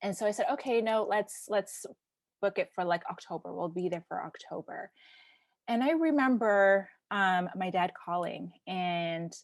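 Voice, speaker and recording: Woman host telling a personal story, halting. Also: medium pitch, dry recording, clean studio sound. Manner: halting, many fillers and restarts, sometimes dropping to a hushed near-whisper. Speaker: podcast host. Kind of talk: personal storytelling in casual chat.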